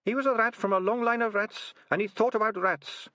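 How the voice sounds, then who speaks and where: A man's voice: high-pitched, steady tone, fairly quick, sharp tone, dry recording, studio quality, pitched above the performer's own voice. A man voicing a streetwise, cheeky and loyal male rat sidekick in a chirpy, familiar way.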